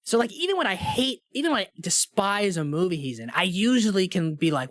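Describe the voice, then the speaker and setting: A young man co-hosting a movie podcast, talking casually with lots of "like" and getting animated when he rants. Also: high-pitched, a little fast, no echo, studio quality. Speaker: podcast co-host. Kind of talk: casual movie review chat.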